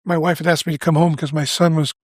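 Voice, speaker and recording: A man's voice: a little high, little pitch movement, fast talker, breathy edge, no echo. A man in his seventies, a podcast guest, telling a personal story candidly and earnestly. He restarts his sentences often and acts out the lines he quotes. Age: 70s.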